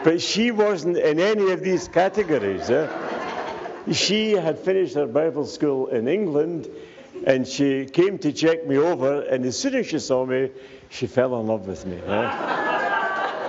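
A man's voice: on the high side, sing-song, a little slow. An older man, a visiting evangelist, greeting a church congregation with jokes and tagging his remarks with "eh?". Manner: jokey, tags remarks with "eh?". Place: church hall. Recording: echoey hall, muffled sound, faint background noise.

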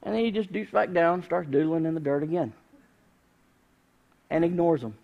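A man, preaching a sermon in a conversational, humorous storytelling way with sudden loud bursts. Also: a little high, normal speed, creaky, phone-quality sound. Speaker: pastor.

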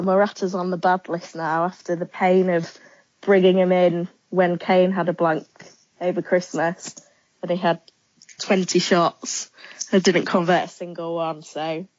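A woman guest on a podcast chats in a relaxed way, answering with plenty of ums. Her voice sits a little low, dry and close, and the sound is slightly dull and lo-fi. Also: normal speed, dry recording. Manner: relaxed, chatty, many ums. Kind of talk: casual interview chat.

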